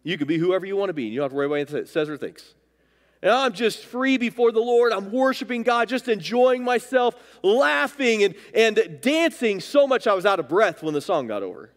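In a church sanctuary full of long reverb, a male pastor preaches emphatically, his high voice swinging widely up and down for stress. He speaks a little fast.

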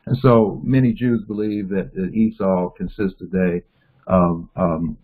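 A man's voice: low voice, steady tone, measured pace. Man reading scripture over a tinny line. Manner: reads verses aloud, breaking off to explain them. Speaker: Bible teacher. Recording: tinny phone-like sound.

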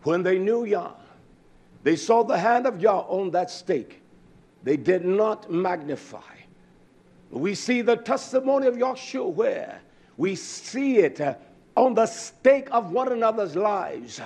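A male preacher delivering a fiery sermon, swinging between low drawn-out phrases and shouted lines. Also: very animated. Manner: chants and sings repeated words.

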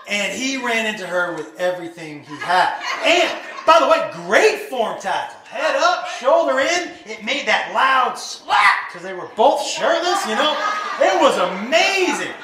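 High-voiced man doing stand-up. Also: noisy background. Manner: animated, shouting punchlines, acting out scenes. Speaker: stand-up comedian. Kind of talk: stand-up comedy storytelling. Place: live comedy venue. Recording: roomy live venue, heard from a distance. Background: audience laughter.

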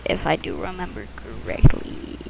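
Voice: medium pitch, very animated, moderate pace, vocal fry, very noisy. A first-time gamer commentating their own shooter match in a casual, rambling, self-conscious way, with muttered asides, recorded at home on a close mic that the lips bump.

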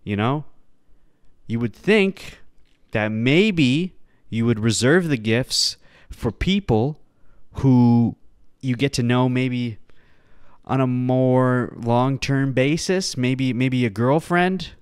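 A man's voice: medium pitch, takes it slowly, clean tone, dry recording, clean studio sound. Sarcastic rambling male podcast host. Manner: sarcastic, rambling, playful mock-earnest asides. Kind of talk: casual solo commentary on clips.

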